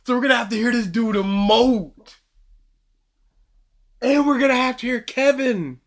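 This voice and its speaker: A man's voice: very high voice, moderate pace. A man co-hosting a live reaction stream, chatting casually and mocking in disbelief. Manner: incredulous, mocking. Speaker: co-host reacting.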